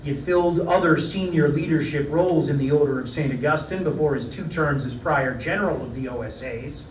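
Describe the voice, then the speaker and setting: A man's voice: fairly high pitch, a little hiss or hum. Wry man lecturing in a roomy hall. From United States. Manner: measured, wry, storytelling delivery. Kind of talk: reading a prepared lecture. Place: parish hall. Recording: roomy hall, mic at a distance.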